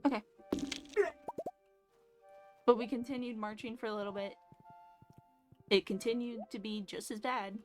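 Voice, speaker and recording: A fairly high-voiced woman in her twenties rambles through a story in a relaxed stream chat. She is blunt and sarcastic and swears without a second thought, and soft music plays quietly behind her. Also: unhurried, long pauses. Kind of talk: casual storytelling while gaming. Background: faint background music.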